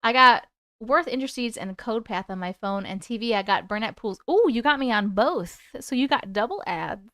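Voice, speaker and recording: A chatty woman hosts a live stream, laughing often and swearing casually. Her voice sits high and swings widely. The sound is smooth and dry, as if recorded close to the mic. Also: expressive, moderate pace, pushed and bright, no echo.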